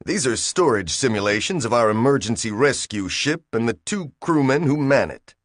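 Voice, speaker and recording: A man's voice: mid-range voice, animated, moderate pace, no room sound, studio quality, natural voice. A man reading a story aloud, voicing a strained, commanding male spaceship captain.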